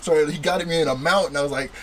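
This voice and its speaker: A man's voice: on the high side, very fast, very noisy. A young man telling a fight story in casual chat, laughing often and acting out voices.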